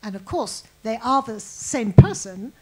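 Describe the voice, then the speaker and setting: A woman's voice: a little high, expressive, a little slow, fairly bright tone, husky, low-quality recording. A woman historian speaking in a conversational public talk, thoughtful and a little hesitant, with occasional restarts. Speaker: guest historian.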